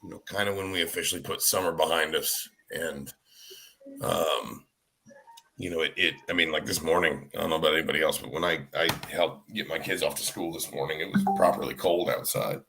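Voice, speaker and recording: A man's voice: extremely low pitch, fairly even intonation, brisk, gravelly, crowd noise. A man joining a sports radio show as a guest, talking in a hedging, easygoing way. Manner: hedging, lots of you know and kind of. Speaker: guest reporter. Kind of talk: casual sports radio chat.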